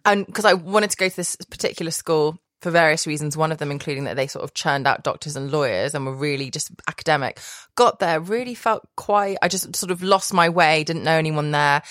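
Low-voiced chatty woman, dry sound. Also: brisk, a bit bright, dry recording. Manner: chatty, rambling, laughs often, self-corrects. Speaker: podcast guest, private chef. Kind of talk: casual conversational storytelling.

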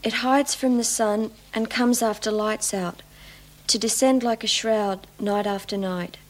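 An actress playing an earnest young woman prisoner, reciting a poem slowly and solemnly in a drama series clip. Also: fairly high pitch, steady tone, close to an everyday voice, rough recording.

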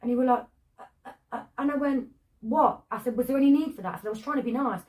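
A woman co-hosting a podcast, telling stories fast and expressively with some swearing. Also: high voice, a little mellow. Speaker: podcast co-host. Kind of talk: casual chat.

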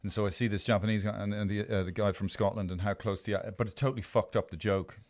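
A man's voice: lowish voice, fairly even intonation, fast talker, darkish tone. A man in his fifties hosting a podcast in a studio, rambling through stories with a lot of swearing and self-mockery. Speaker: podcast host. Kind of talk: casual podcast chat.

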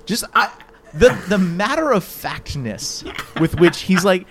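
A man hosting a casual talk show, speaking in an animated, exasperated way that jumps high in pitch when incredulous. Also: a little slow, noisy background. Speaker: podcast host. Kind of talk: casual chat.

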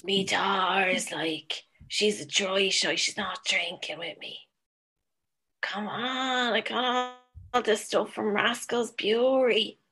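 A woman's voice: mid-range voice, steady tone, slow, bright, forceful tone, faint music behind. A woman doing a chatty Dublin woman out drinking, gossipy and offhand, in a Dublin accent.

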